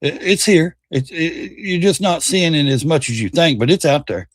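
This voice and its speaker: A man hosts a livestream and rants in a heated, cursing, mocking tone. His voice sits a little high for a man. It sounds dry and close, with almost no room echo. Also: expressive, normal speed. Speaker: livestream host. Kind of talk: casual political rant.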